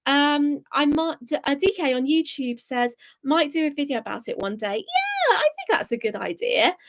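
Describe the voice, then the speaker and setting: A young woman hosting a live stream in casual chat, reading viewers' comments aloud and answering them with excited gasps. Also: high voice, normal speed.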